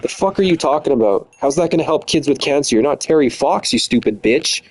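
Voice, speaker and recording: A man's voice: medium pitch, lively intonation, brisk, breathy edge, low-quality recording. A man in his twenties ranting angrily and profanely in a casual, bitter way. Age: 20s. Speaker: streamer. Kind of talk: angry casual rant.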